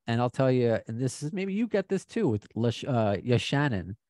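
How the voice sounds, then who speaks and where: A podcast host, a man from Long Island, chats with his guest in an enthusiastic, joking way. His pitch rises and falls a lot as he talks. The sound is dry, with no room echo. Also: sing-song, normal speed, a little mellow. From Long Island, New York. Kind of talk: casual podcast chat.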